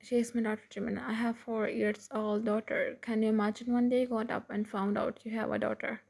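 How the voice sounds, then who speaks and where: A woman's voice: fairly high pitch, little pitch movement, brisk, gravelly, darkish tone, husky. A woman reading as a desperate young father. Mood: urgent. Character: young man, anxious new father.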